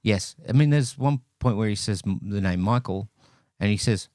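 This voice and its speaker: Low-voiced man in wry, rambling movie talk. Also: moderate pace, darkish tone. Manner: rambling, self-correcting, wry. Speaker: podcast co-host. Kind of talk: casual movie review chat.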